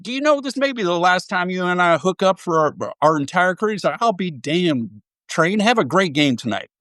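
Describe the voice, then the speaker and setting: A man doing an impression of a retired star pitcher, an older man with a Southern US drawl telling a folksy, animated yarn. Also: moderate pace, dry recording, clean studio sound. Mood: amused. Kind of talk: impression within an interview.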